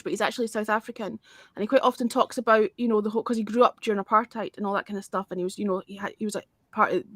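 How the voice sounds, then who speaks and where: A woman's voice: medium pitch, no room sound, clean studio sound. A woman, hosting a casual music chat in a blunt, swearing manner. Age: 40s. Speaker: host.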